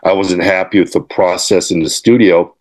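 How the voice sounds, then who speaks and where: Gently low-pitched older man telling stories. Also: steady tone. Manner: rambling, halting, with many fillers and restarts; acts out quotes and laughs while telling stories. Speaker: interview guest, guitarist and author. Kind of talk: casual interview storytelling.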